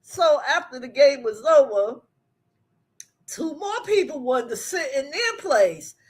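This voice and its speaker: A woman's voice: sits high, very animated, a little slow. A woman hosting a live show, telling stories in casual chat, laughing often and drawing out her exclamations.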